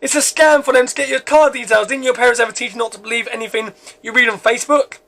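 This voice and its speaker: A blunt, skeptical young man, voiced by a man reading his own script. The pitch sits very high, and the lines come out with plain stumbles. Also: fairly even intonation, fast, sharp tone, exaggerated voice. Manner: reads lines aloud with stumbles and restarts.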